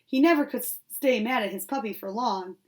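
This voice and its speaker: A woman's voice: a little high, brisk. A woman reading a children's novel aloud, reading steadily and correcting her small slips as she goes. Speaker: audiobook reader.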